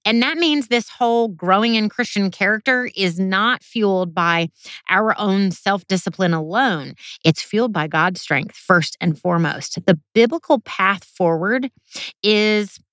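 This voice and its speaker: A woman giving an earnest, emphatic sermon, reading scripture verses and explaining them, slowing down and speeding up to stress her points. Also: medium pitch, a bit bright, no room sound, clean studio sound. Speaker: Bible teacher.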